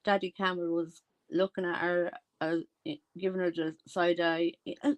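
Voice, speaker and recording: A chatty Irish woman talking in a fairly low voice. She rambles through casual commentary, trailing off and circling back when she loses her thread. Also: flat delivery, moderate pace. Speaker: commentary vlogger.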